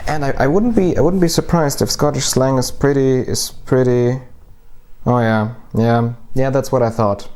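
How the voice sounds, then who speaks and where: A man narrating an educational video on a dialect, slowing down to spell out the example words. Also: medium pitch, a little mellow.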